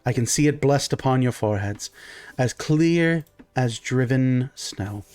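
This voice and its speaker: A man's voice: medium pitch, expressive, unhurried, darkish tone, lightly acted. A man voicing a tiny, greedy pixie priestess who swindles people with pompous, foul-mouthed talk.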